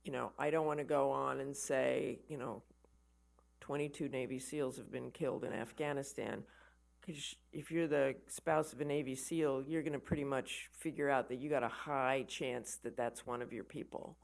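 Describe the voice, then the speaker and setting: A woman giving a conversational lecture to an army audience, telling stories with animated emphasis and often repeating words as she starts a thought. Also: a bass voice, moderate pace, creaky, hardly any pauses. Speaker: guest lecturer, war correspondent. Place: lecture event for an army association.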